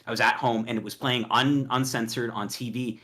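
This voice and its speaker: A young man talking as a guest on a casual podcast, animated and quick, often breaking into laughs. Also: mid-range voice. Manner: animated, fast, laughing, does quick voices in anecdotes. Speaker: podcast guest, horror reviewer.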